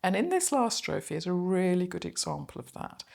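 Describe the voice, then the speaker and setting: A middle-aged woman lecturer talking through a poem reflectively, reading its German lines slowly aloud. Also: on the low side, very animated, vocal fry, a little mellow. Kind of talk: spoken poetry analysis lecture.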